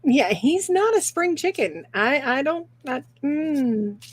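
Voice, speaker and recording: Slow-talking, high-voiced woman co-host. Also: big pitch swings. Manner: unhurried, agreeable, many affirming yeses. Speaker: co-host reading viewer questions. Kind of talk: casual livestream chat.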